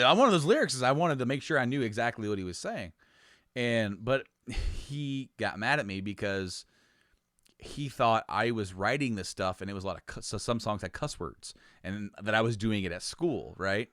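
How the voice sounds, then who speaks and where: A man's voice: fairly low pitch, fairly bright tone, dry recording, studio quality. A man co-hosting a podcast, telling a story in casual chat, laughing as he goes and restarting his sentences. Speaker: podcast co-host.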